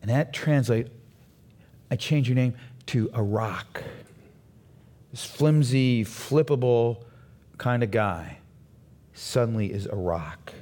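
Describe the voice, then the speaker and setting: A man preaching as pastor, delivering an animated sermon that builds to emphatic peaks. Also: mid-range voice, slow, long pauses. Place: church.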